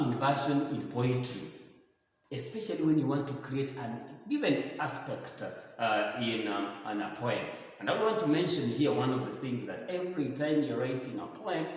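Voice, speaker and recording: Hesitant Kenyan English teacher, echoey room. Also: male voice, medium pitch. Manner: hesitant, many filler "uh"s, slow careful reading of example sentences. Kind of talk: recorded grammar lesson. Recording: echoey room, voice from far off the mic.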